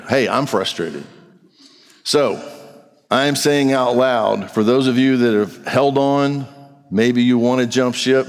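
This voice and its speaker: A middle-aged man preaching a sermon as pastor, talking directly and bluntly to his congregation with rhetorical questions. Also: medium pitch. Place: church sanctuary. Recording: long reverb of a large hall.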